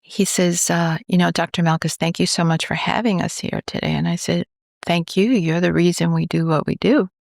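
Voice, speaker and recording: A woman's voice: fairly low pitch, moderate pace, vocal fry, no room sound, clean studio sound. A woman from New York, a cancer researcher, telling a story in a podcast interview and acting out the voices of the people in it. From New York, USA. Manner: animated, acts out quoted dialogue.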